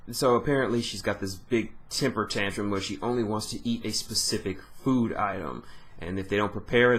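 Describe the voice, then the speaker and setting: A man's voice: on the low side, fairly bright tone. A man giving an informal, rambling recap of a manga chapter, often correcting himself.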